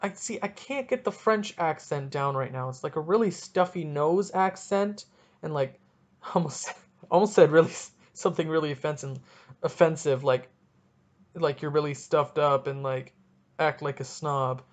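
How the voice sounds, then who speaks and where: A man hosting a casual solo sports podcast, talking in an excitable, rambling and jokey way, with a stuffy nose. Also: fairly high pitch, moderate pace. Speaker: podcast host.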